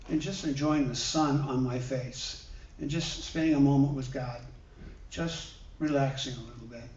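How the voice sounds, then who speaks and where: Male minister, gentle conversational sermon, slightly high pitch, distant muffled recording in a reverberant hall. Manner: gentle, conversational, with many pauses and fillers. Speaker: guest minister. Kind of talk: sermon with personal stories. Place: church hall. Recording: roomy, dull sound from a distant mic.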